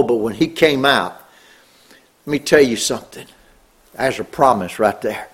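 A middle-aged man preaching a sermon, earnest, rising on key words and dropping low. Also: measured pace, long pauses, husky.

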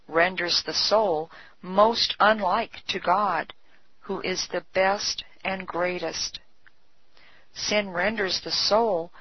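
A woman reading old devotional writings aloud in a measured, solemn cadence. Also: on the low side, slightly rough, dry recording. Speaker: devotional reader. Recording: dull lo-fi recording.

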